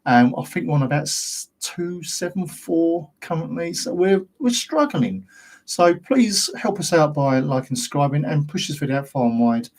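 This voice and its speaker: A man's voice: a little high, lively intonation, moderate pace, darkish tone. A British man hosting his own channel, talking straight to camera in a rambling, ranting monologue full of rhetorical questions. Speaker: host of a paranormal investigation channel.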